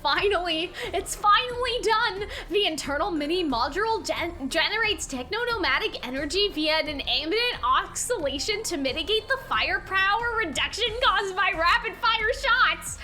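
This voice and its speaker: Nerdy young inventor guy, read by a woman, gushing, bright and animated. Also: very high voice, faint music behind, heavily acted. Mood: excited. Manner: rapid, gushing, self-congratulating.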